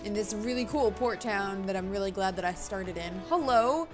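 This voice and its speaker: A woman's voice: mid-range voice, fairly quick. Casting a woman host for let's-play commentary: chatty, jokey, self-mocking, with faint game music underneath. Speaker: gaming channel host.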